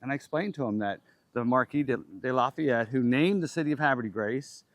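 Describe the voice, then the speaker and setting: A man's voice: medium pitch, a little fast, dull audio. A man with a medium voice answers interview questions in a plain, hesitant way. His voice sounds dry and close, with no room echo. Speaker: lodge member, guest. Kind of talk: casual interview.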